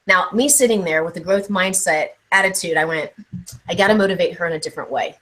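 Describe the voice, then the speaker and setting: A woman's voice: on the low side, fast talker, low-quality recording. A woman from Ohio, a guest on a live online interview, telling stories and acting out what people said. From Ohio, USA. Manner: animated storytelling, acts out quotes. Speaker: guest speaker.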